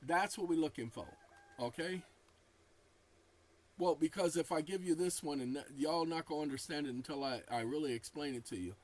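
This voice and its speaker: Speaking at a moderate pace, a highish-voiced man who hosts the channel addresses his viewers casually and sounds tired, spelling out punctuation as he reads. The recording is low quality.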